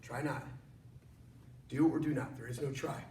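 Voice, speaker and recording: An ancient little alien sage voiced by a man, talking slowly in inverted phrases with a low, hushed voice. The sound is echoey, heard from some distance off the mic. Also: fairly even intonation, a little hiss or hum, natural voice. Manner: slow, low, inverted word order. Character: ancient small wise alien master, inverted speech.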